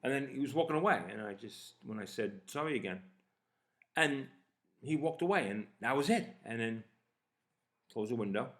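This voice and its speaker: A man in his fifties casually telling a personal story, animated and swearing as he acts out both sides of the exchange. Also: medium pitch, normal speed. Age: 50s. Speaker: podcast host.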